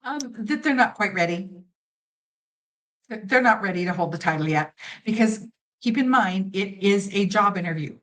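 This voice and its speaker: A middle-aged woman, a seasoned pageant judge and coach, answers interview questions conversationally, confident and emphatic, slipping into quoted voices and laughing easily. Her medium-pitched, somewhat bright voice has lively intonation and a moderate pace, on a low-quality recording.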